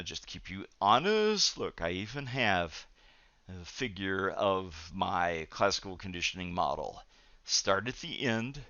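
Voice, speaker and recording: A man with a fairly low but bright, forceful voice teaches a psychology class on video. He explains each point in a steady, measured way and often fills pauses with "uh". The recording sounds dull and lo-fi, and dry. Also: no room sound. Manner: measured, explanatory, frequent "uh" fillers. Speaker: psychology lecturer.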